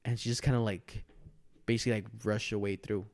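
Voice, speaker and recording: A man's voice: lowish voice, fairly even intonation, quick pace, darkish tone. A young man co-hosting a casual podcast, rambling through a story and acting out what other people said. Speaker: podcast co-host.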